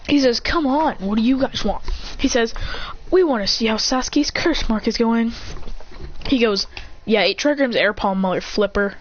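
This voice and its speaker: In a mid-range voice at a moderate pace, a casual storyteller rambles through a fan story, often restarting sentences and acting out the characters' lines. The lo-fi recording sounds dull, with a faint hiss.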